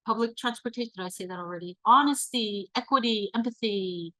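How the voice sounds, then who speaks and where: A woman presenting an online workshop, leading a calm guided visualization and reading audience answers aloud. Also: mid-range voice, brisk, no echo, rough recording. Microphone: video call.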